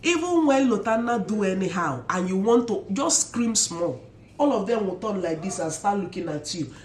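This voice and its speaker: A young Nigerian woman telling stories casually to her viewers with an animated, expressive manner and Pidgin asides. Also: medium pitch, moderate pace, echoey room, a little hiss or hum. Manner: animated, mixes Pidgin asides, imitates loud shouts. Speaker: vlogger. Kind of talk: casual storytelling to camera.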